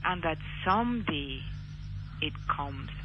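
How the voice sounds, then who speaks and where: A man's voice: on the high side, animated, slow pace, slight background noise. A man appearing as an academic guest on a radio talk show, speaking articulately and earnestly with firm emphasis. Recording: dull lo-fi radio archive.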